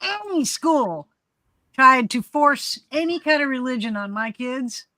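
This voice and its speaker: A woman's voice: high-pitched, animated, a little slow, bright, forceful tone, no room sound. A woman hosting a casual live panel chat, blunt and outspoken, laughing often. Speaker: host.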